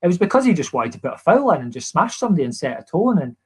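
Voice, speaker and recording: Fast-talking Scottish man, earnest. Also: on the high side, sing-song, slightly rough. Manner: quick, earnest storytelling with many restarts. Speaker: guest, former footballer. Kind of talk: casual podcast chat.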